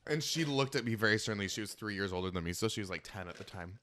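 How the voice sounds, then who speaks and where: A man's voice: lowish voice, quick pace. Campy man chatting with his mouth full. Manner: campy, animated storytelling, laughs often. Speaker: podcast host. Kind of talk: casual chat. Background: eating while talking.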